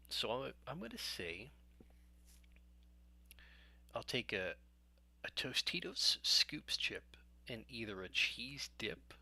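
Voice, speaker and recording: Chatty bright-voiced man hosting a stream. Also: fairly low pitch. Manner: chatty, rambling and self-joking. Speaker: live stream host. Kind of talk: casual chat with live viewers.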